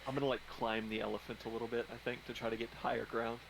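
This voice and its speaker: A man playing a tabletop game, excitable and bantering defensively. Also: medium pitch, rapid-fire, gravelly, background noise. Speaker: player. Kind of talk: casual tabletop play.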